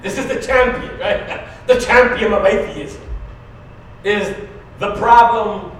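A man preaching a conversational sermon, going from quiet to loud, asking the congregation questions and laughing often. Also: high voice, slow pace, slight background noise. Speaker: pastor. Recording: very echoey room, mic at a distance.

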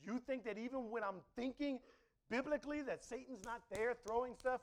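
Male pastor with a very high voice and an animated delivery that drops low and climbs loud. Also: normal speed, slight background noise. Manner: animated preaching, swings from soft murmurs to loud emphatic lines; acts out inner dialogue in different tones. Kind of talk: sermon.

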